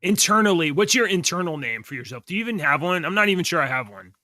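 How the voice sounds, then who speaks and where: Bright-voiced man in casual chat. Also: fairly high pitch, sing-song, fast talker, no echo, studio quality. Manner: rambling, self-correcting, laughs often. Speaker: podcast co-host.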